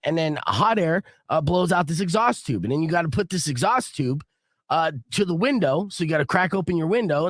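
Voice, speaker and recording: A man's voice: high-pitched, dry recording, studio quality. A man hosting a casual morning radio show, telling a story and acting out the people in it. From Arizona. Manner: animated storyteller, acts out quotes loudly. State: sick with a cold.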